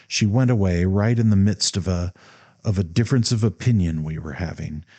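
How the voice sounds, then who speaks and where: Man reading proud bitter young man, sharp, cold, emphatic, low voice. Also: a little fast.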